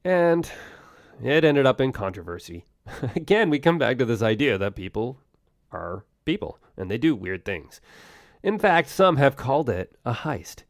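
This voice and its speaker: Lively, wry man hosting a science podcast. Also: medium pitch, no room sound, clean studio sound. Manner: conversational, with wry jokes and quick asides. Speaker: podcast host. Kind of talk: solo science history podcast narration.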